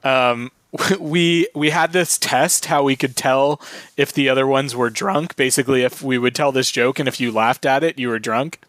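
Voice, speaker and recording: A man chatting casually on a podcast, telling stories in a relaxed way with casual swearing. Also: mid-range voice, normal speed, no room sound. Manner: relaxed, laid-back storytelling with swearing. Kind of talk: casual chat.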